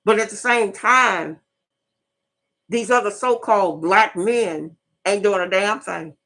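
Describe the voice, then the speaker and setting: A middle-aged woman hosts her own channel with a fiery, profane, preachy monologue, hammering her points home by repeating them. Her mid-range voice is slow and sharp-toned.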